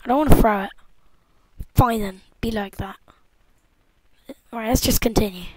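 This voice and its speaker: A young woman with a bright, high voice gives casual let's-play commentary, excitable and full of jokes as she banters with the game. She speaks at normal speed, and her voice sounds close and dry with no echo or room around it. The recording is low quality.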